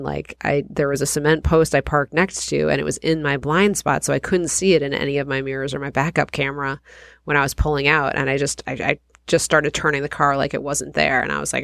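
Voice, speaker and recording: A woman's voice: deep voice, moderate pace, creaky, dry recording. Chatty woman telling a story, dry recording. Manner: chatty, self-deprecating, laughs often. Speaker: podcast host. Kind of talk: personal storytelling monologue.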